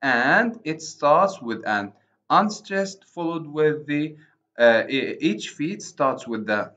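Man, Arabic accent, university lecturer, unhurried, repeats himself, dull lo-fi sound. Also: a little high, expressive, pushed and bright. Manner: deliberate, repeats and rephrases points, frequent "okay". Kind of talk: recorded literature lecture. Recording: dull lo-fi recording.

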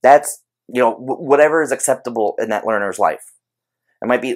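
A man giving an informal explanatory talk on behavior training, conversational and animated, using everyday examples. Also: mid-range voice, fairly quick. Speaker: behavior analysis educator.

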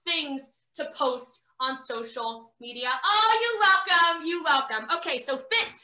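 An American woman in her thirties running a live network marketing training. She talks fast, gives orders and jokes with her viewers. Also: sits high. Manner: fast, energetic, bossy, joking. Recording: roomy echo.

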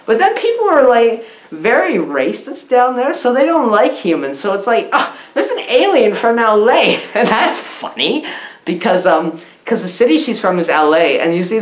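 Mock-naive chatty woman in an echoey room. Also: mid-range voice. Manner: mock-naive, chatty, many "like"s, lively swooping delivery. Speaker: comedic movie reviewer. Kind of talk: deadpan comedy review.

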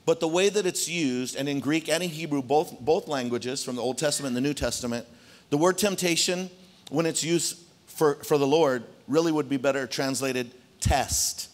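Lively storytelling male pastor. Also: on the high side, moderate pace. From Arizona, United States. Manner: animated storytelling, addressing the congregation directly. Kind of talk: sermon. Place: church hall.

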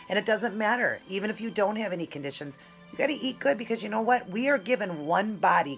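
A woman's voice: on the low side, fairly bright tone. A woman chatting casually in a food vlog, talking in a rambling, affectionate way while eating. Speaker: keto food vlogger.

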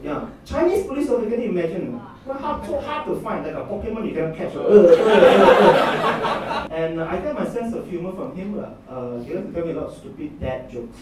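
A young Malaysian comedian performs stand-up with a lively voice that jumps all around. He sounds roomy and a little distant, as if from the back of a live comedy club. A laughing audience and some room noise sit behind him. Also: high voice, fast talker, hardly any pauses. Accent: Malaysian English. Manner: animated storytelling.

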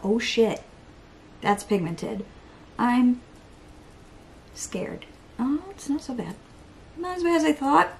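A woman's voice: sits high, big pitch swings, unhurried, vocal fry, long pauses, a little hiss or hum, rough recording. A young woman chatting through a makeup tutorial, self-deprecating and talking to herself, now and then dropping to a whisper. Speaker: beauty vlogger. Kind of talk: casual makeup tutorial chat.

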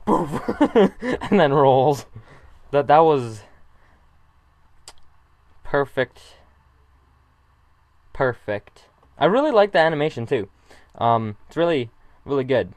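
Slow-talking man gushing over a video. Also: on the high side, sing-song, darkish tone, dry recording. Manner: gushing, emotional, laughs often. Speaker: YouTuber reacting to an animated short. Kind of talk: casual reaction commentary.

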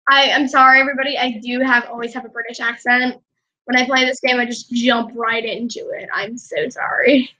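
Young female gameplay narrator, high and bright tone, unhurried and giggly. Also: level tone, highs cut off. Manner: giggly, chatty, often laughing. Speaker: gameplay vlogger. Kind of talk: casual gameplay commentary.

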